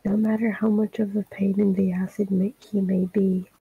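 A woman with a gravelly voice voicing an earnest teenage schoolgirl in a fan dub of game dialogue, pleading and gentle by turns. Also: mid-range voice, flat delivery, normal speed, narrow, tinny audio, close to an everyday voice. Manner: dubbing game lines with emotional pleading.

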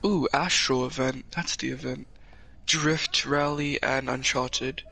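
A man's voice: medium pitch, steady tone, slow, vocal fry, sharp tone, slight background noise. A man chatting casually with friends while gaming, rambling and now and then singing along to a song. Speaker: gamer streaming with friends. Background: music playing.

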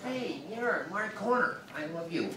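A man's voice: sits high, lively intonation, moderate pace. A man doing a rambling stand-up set, swinging between mumbling and ranting, recorded from far off in a small club. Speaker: stand-up comedian. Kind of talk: open-mic stand-up set. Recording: echoey club from far off, noisy.

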